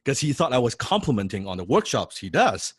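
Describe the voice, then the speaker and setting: A man telling a personal story in a casual motivational talk, animated, often repeating his words and laughing. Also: mid-range voice, a little fast, breathy edge, no echo, clean studio sound. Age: young adult. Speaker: business coach.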